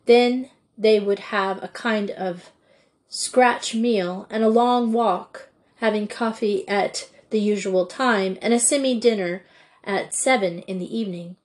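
A woman reading a children's storybook aloud in a measured, deliberate way. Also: mid-range voice. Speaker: audiobook reader. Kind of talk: storybook narration.

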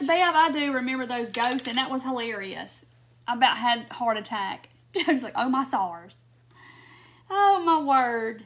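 A woman's voice: high voice, fairly bright tone. A woman hosts a casual craft livestream, giggling often as she chats to viewers. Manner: giggly, laughing often while chatting to viewers. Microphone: phone or webcam on a live stream.

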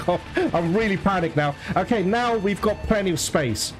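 A man doing let's play commentary as host, excitable, swearing and laughing at the game. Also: sits high, normal speed, few pauses. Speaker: gaming channel host. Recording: game music behind the voice.

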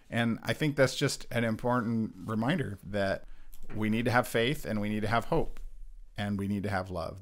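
A man co-hosting a church Bible discussion, talking in an earnest, halting way with many restarts. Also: mid-range voice. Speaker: church podcast co-host. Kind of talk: casual reflective Bible discussion.

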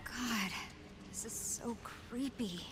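Dry, sarcastic young game heroine; slow delivery, game score clearly behind. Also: female voice, on the high side, a bit bright, heavily acted. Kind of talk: video game dialogue. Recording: game audio under music.

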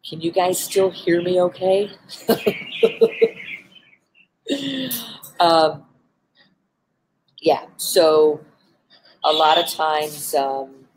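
A woman with a low-pitched voice talks in a casual, earnest way on a live stream, thinking aloud with many ums and restarts. Faint background noise sits under her voice. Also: rough recording. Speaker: animal behavior specialist hosting a live stream. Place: indoors with animals around.

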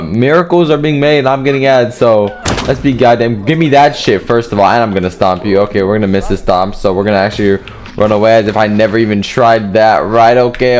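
A young man giving profane, joking commentary over his gameplay, trash-talking other players and often breaking into yells. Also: medium pitch, slight background noise. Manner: bursts into yelling. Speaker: gaming video creator.

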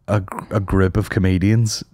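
Young man, lowish voice, dry close sound, casual sweary podcast banter. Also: flat delivery, normal speed, a little mellow, no room sound. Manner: loose, sweary banter with laughs. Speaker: podcast co-host. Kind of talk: casual chat.

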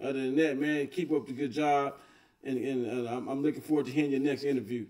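A man's voice: medium pitch, steady tone, fast talker, darkish tone, recorded from a distance. A man hosting a reaction video, commenting on a clip in a laid-back way and agreeing often.

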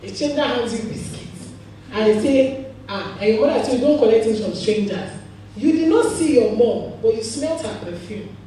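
A woman pastor with a Nigerian accent preaching a sermon, telling stories with animated laughter. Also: a little high, moderate pace, a little hiss or hum. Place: church hall. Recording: echoey hall, voice from far off.

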